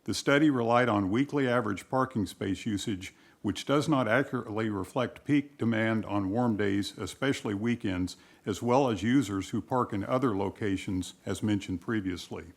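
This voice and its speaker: A man with a deep, gravelly voice addresses a city council. He reads his prepared statement in a formal, measured way. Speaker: public commenter at a city council meeting.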